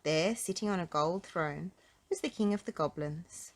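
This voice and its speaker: A woman reading a children's picture book aloud in an expressive, sing-song storytelling manner. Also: on the low side, normal speed, rough recording. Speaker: storybook reader.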